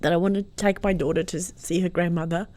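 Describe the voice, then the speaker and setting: Speaking fast in a lowish voice on a dry recording, a woman tells a family story as a guest on a podcast. She was born in Croatia and spoke Croatian growing up. It's a laid-back storytelling interview, and she's a lively, emotional narrator who keeps breaking into laughs.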